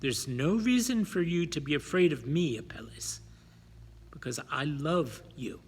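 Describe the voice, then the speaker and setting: Figure: a gentle nasal preacher, calm under blows, as a male reader does him, slow and husky. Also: fairly high pitch, full character voice. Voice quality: nasal, whining. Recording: long hall reverb.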